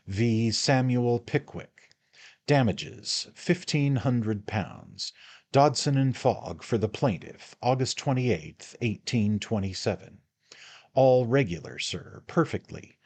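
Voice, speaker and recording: A man voicing a pompous lawyer who speaks with stiff, mocking politeness, in a husky audiobook reading. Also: medium pitch, animated, takes it slowly, darkish tone, voice pushed up. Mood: formal. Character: pompous, smug male lawyer. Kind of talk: audiobook character voice.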